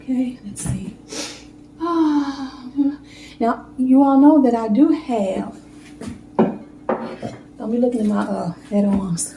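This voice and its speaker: A woman chatting warmly to viewers as she bakes a cake in her home kitchen. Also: fairly high pitch, slow, creaky, pauses often, roomy sound, noisy background. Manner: chatty, heartfelt, talks straight to viewers. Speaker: home baking vlogger. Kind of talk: casual cooking demo chat.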